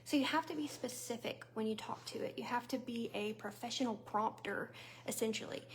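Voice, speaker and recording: A vlogger and small business owner from the Southern United States chats casually and straight to her viewers, using fillers and little laughs. Her voice is fairly high and brisk, with slight background noise.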